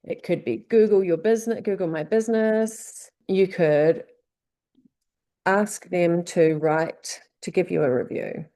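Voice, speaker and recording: Her warm, fairly low voice moves a little slowly as she presents a business tips lesson. The woman has a New Zealand accent, keeps things conversational, and asks lots of rhetorical questions.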